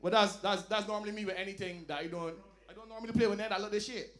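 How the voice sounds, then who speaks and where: A man performing a stand-up comedy set, telling loud, animated stories and dropping into low asides. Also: rapid-fire. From Barbados. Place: lounge comedy night.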